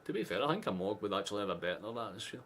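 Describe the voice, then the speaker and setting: Scottish guy streaming a match watchalong, bit low voiced, sarky and sweary, faint hum behind. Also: very animated, very fast, a bit bright. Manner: chatty, sarcastic, swears freely. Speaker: streamer hosting a football watchalong. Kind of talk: casual live match chat.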